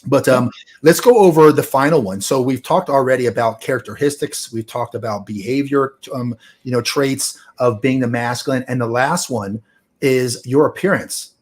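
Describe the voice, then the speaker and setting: Measured man hosting a podcast. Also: medium pitch. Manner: measured, steers the topic. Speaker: podcast host. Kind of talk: casual chat.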